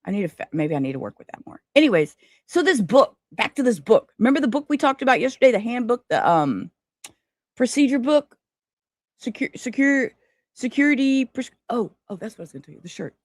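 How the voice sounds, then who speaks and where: Woman streamer, scattered chatty delivery, very up-and-down pitch, dry close sound. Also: big pitch swings, brisk, dry recording. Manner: rambling, scattered, swears casually. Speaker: livestream host. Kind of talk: casual livestream chat.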